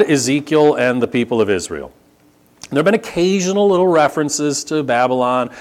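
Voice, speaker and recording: A man from the United States preaching a conversational Bible sermon, explaining with casual asides and rising emphasis. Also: medium pitch. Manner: conversational teaching with asides and humor. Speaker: pastor.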